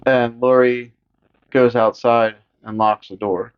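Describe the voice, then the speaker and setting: A man in casual podcast chat walks through a movie scene by scene, mid-pitched and easygoing. His retelling is loose and profane. The audio is a bit dull and lo-fi. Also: fairly even intonation, slow, clean tone. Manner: profane, jokey retelling with squeaky put-on voices for characters. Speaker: podcast co-host.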